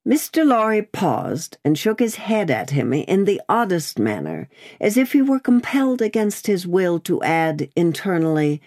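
A woman narrating a classic novel as an audiobook, with expressive, measured storytelling. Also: lowish voice.

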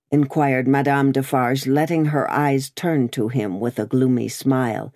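A woman narrating an audiobook in a measured, expressive reading. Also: extremely low pitch, no room sound, studio quality.

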